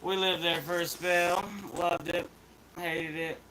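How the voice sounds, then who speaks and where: A man's voice: sits high, little pitch movement, takes it slowly, sharp tone, a little hiss or hum, poor audio. A man with an Appalachian accent chatting in a laid-back, rambling, slangy way as a vlog host. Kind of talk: casual chat vlog.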